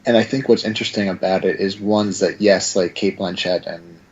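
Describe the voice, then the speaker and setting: A man's voice: deep voice, fairly even intonation, a little fast, breathy edge. A man co-hosting a podcast, reflecting on a film in a thoughtful, hedging way. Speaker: podcast co-host. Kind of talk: casual film discussion. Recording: dull lo-fi sound.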